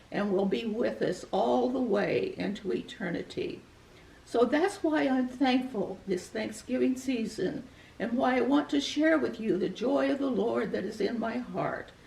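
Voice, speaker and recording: Older woman, heartfelt storytelling, raspy low fry, roomy far-off recording. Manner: gentle, earnest, reflective. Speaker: guest sharing a personal testimony. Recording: echoey room, voice from far off the mic.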